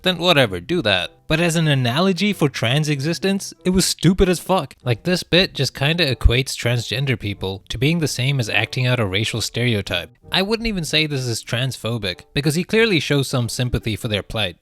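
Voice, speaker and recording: A man's voice: mid-range voice, expressive, fairly quick, few pauses, fairly bright tone. A man in his twenties narrating a video essay, argumentative and sarcastic. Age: 20s. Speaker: commentary host.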